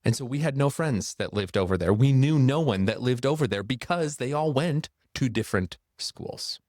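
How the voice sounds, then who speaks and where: A man's voice: medium pitch, animated, normal speed, darkish tone, no room sound, clean studio sound. A man telling a personal story for a church series, building suspense as he narrates.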